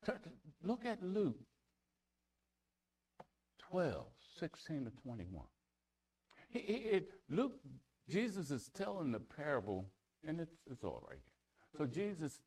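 A man preaching a sermon as pastor, reading scripture aloud and swinging between loud declarations and hushed near-whispers, often repeating words for emphasis. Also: a little high, wildly swooping pitch, slow pace, long pauses, slightly rough. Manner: reads scripture aloud in King James wording.

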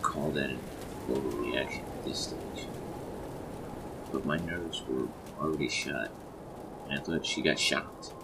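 A man narrating a scripted horror story in a low, hushed delivery. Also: measured pace, gravelly, slight background noise. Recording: distant mic under loud rain and thunder.

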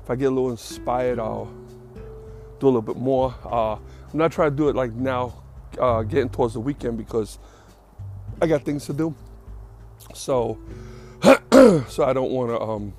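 A man's voice: mid-range voice, normal speed, pauses often, darkish tone, soft background music. A man hosting his own podcast in casual solo chat, rambling and correcting himself, a little out of breath. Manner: rambling, self-correcting, chatty. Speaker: podcast host.

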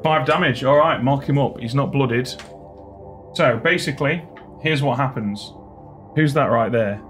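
Dungeon master with a steady, even pitch. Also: male voice, measured pace, faint music behind. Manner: calm descriptive storytelling, explains rules patiently. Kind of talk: narrating a tabletop game.

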